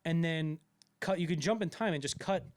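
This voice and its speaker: Acting out quotes as he goes, a man co-hosts a relaxed film podcast, wandering through his points with lots of fillers and restarts. His voice is a little high at a moderate pace, with no room sound.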